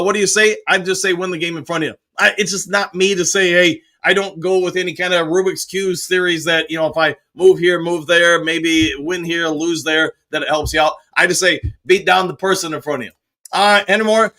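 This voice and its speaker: A man's voice: a little high, steady tone, a little fast, pushed and bright. A man hosting a casual live stream, greeting chatters by name and reading their comments aloud. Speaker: host reading viewer comments.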